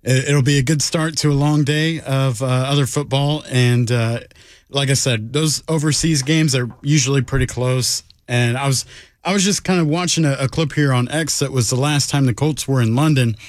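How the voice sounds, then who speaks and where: A man's voice: medium pitch, moderate pace, dry recording, clean studio sound. A man co-hosting a casual sports podcast, easygoing and a bit rambling.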